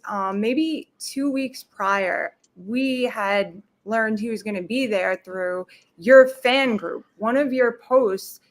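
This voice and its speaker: A woman guest telling her story in a casual, emotional way, fumbling over her words. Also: on the high side.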